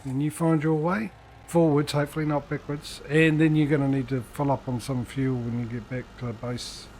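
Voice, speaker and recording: A medium-pitched, darkish voice with little pitch movement carries his casual commentary at a normal speed, over a little hiss or hum. He streams the farming game, chatting with and dryly joking at his in-game workers.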